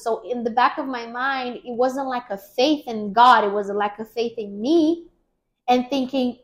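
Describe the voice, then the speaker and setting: A woman's voice: on the high side, moderate pace. A woman hosting a faith podcast, telling an emotional personal testimony in an earnest way with many fillers. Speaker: podcast host.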